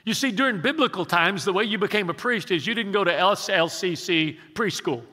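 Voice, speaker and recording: A man's voice: high-pitched, bright, forceful tone, big-room sound. A man in his sixties preaching a sermon, stumbling through restarts as he tells a story and growing emphatic as he preaches. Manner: halting restarts while telling a story, emphatic when preaching. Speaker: pastor.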